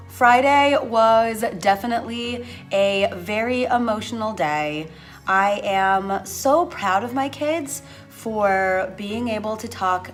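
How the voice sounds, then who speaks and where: A young woman teacher talking earnestly and with strong feeling in a personal vlog, close to tears at times. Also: mid-range voice. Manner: earnest, impassioned, slow-spoken. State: emotional, near tears. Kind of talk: reflective vlog talk.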